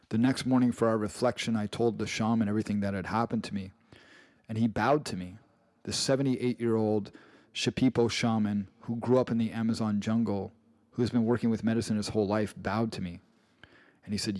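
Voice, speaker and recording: Earnest English male narrator, low-pitched, dry close mic, personal memoir read. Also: steady tone, normal speed, darkish tone, no echo. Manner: earnest, with restarts and repeated phrases. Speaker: author narrating his own audiobook.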